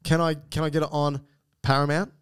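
A man's voice: fairly high pitch, flat delivery, brisk, fairly bright tone, clean tone. A man with an Australian accent co-hosting a podcast, chatting casually, reading out listener emails and explaining things with joking asides. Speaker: podcast co-host.

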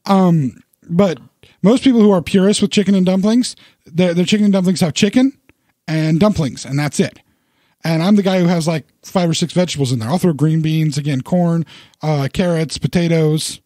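A man in his thirties, co-hosting a podcast in casual chat, rambling and animated with self-deprecating humor. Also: a little high, moderate pace, dry recording, clean studio sound. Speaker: podcast co-host.

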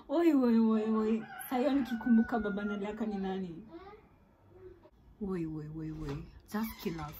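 A woman's voice: mid-range voice, takes it slowly, long pauses, dark tone, low-quality recording. Kenyan girl doing a dramatic storytime vlog, lots of swahili slang, faint room noise. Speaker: vlogger. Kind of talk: storytime monologue.

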